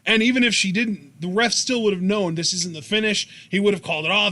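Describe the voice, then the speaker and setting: A man's voice: high voice, fast talker, few pauses, sharp tone. A man co-hosting a wrestling review show, blunt and opinionated, swearing freely. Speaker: podcast co-host. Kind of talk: casual wrestling review chat.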